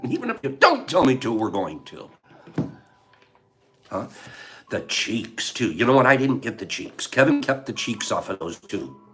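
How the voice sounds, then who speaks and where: A man's voice: medium pitch, sing-song, measured pace, pauses often, fairly bright tone, slight background noise. An older man hosting a casual livestream, emotional and heartfelt, laughing often as he chats with viewers. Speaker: livestream host.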